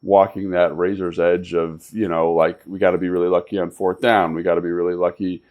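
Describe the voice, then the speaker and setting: A man with a very deep voice co-hosts a sports talk show and breaks down football as a former player and coach. He talks emphatically, like a coach instructing players, and often circles back to repeat his point. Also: level tone, fairly quick, narrow, tinny audio. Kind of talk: casual football analysis.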